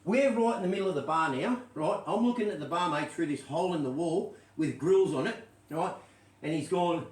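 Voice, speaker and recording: A man's voice: high-pitched, expressive, moderate pace. A man telling a rambling, swear-laden story in casual anecdotal style, checking in with "right?" constantly. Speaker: show host telling a story. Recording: roomy echoey sound.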